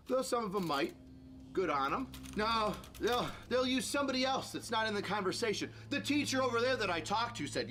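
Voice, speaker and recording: A man's voice: extremely high pitch, very animated, normal speed, a bit bright. A man giving sarcastic, mocking reaction commentary on a video as a streamer, ranting as he goes.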